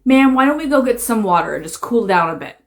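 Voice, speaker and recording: A woman playing a tired police officer who speaks flatly and firmly in a comedy skit. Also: a little high, fast talker, very noisy. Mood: flat patient. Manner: flat, patient, firm. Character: weary, firm police officer.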